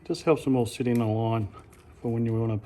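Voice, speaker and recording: An Australian man casually talking through a hands-on how-to demonstration, relaxed and unhurried, stopping now and then to correct himself. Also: mid-range voice. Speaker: amateur radio hobbyist.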